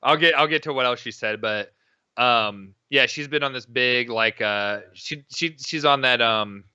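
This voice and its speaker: A man's voice: mid-range voice, unhurried, sharp tone, clean tone, no room sound. A young man co-hosting a casual podcast, telling rambling stories full of fillers and swearing. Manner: rambling storyteller, swears freely, many fillers. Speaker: podcast co-host. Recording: dry, dull lo-fi mic.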